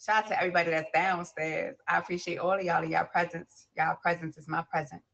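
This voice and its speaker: A woman's voice: lowish voice, steady tone, fast talker, vocal fry. A woman hosting a live-stream poetry show, chatting casually and teasing the guests in playful slang. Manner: playful, teasing, loud Southern-inflected slang. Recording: dull lo-fi stream audio.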